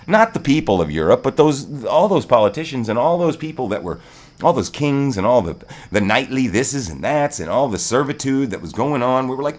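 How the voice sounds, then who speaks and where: A man's voice: medium pitch, sing-song, a little fast, a little mellow. A man hosting a livestream, ranting heatedly in casual chat and swearing often. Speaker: livestream host. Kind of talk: casual political rant.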